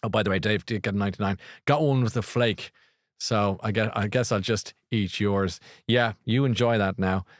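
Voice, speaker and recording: A man's voice: fairly low pitch, normal speed, no room sound, clean studio sound. A middle-aged Irish man hosting a live podcast, rambling in a chatty, easygoing way and laughing often. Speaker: podcast host. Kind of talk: casual live chat.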